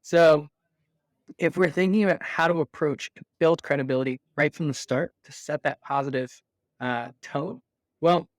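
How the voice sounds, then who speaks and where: Higher-voiced man explaining in a dry recording. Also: no room sound. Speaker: interview guest. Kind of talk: conversational business interview.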